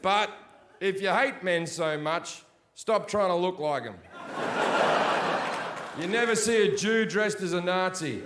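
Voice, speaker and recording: Crude stand-up comic, a man with a high-ish voice, taped live in an echoey venue with audience noise. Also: expressive, measured pace, long pauses. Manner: brash, crude, mocking punchlines. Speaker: stand-up comedian. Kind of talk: stand-up comedy set. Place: large theater with audience.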